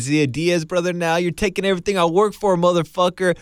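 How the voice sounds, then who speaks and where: A man's voice: high voice, fairly even intonation, fast talker, hardly any pauses, smooth, no room sound, clean studio sound. A man hosting a podcast, giving heated, profane commentary in a ranting style. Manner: heated, ranting, heavy swearing. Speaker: podcast host.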